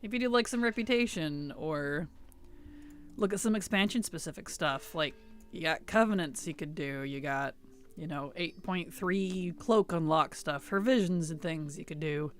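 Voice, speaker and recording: A woman's voice: low-pitched, normal speed, faint music behind. A woman streaming a game, chatting casually with her viewers in a laid-back, rambling way. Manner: chatty, reads chat aloud and answers it. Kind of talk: casual live-stream chat.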